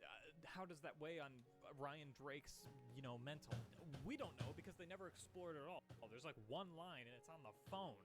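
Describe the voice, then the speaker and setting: A man's voice: a little high, normal speed, hardly any pauses, over music. A young man streaming a sarcastic movie commentary, mocking the plot with rhetorical questions.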